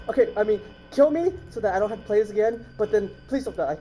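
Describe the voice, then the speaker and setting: A woman's voice: mid-range voice, expressive, fast talker, mellow, soft background music, low-quality recording. A young woman hosting a let's play of a horror game, talking in jumpy, exclamatory bursts. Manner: jumpy, exclamatory, nervously chattering. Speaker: host playing a horror game.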